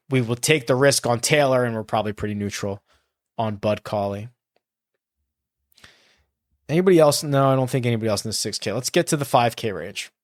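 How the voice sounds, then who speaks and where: A man's voice: medium pitch, no room sound. Rambling man with a dry, close voice. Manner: rambling, self-correcting, thinks aloud. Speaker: fantasy golf podcast host. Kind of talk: casual solo analysis.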